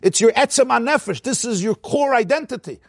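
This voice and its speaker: Man, rabbi giving a Torah class, high voice, storyteller, dry close sound. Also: fairly quick, dry recording. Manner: storytelling, animated, dips into Hebrew and Yiddish quotes.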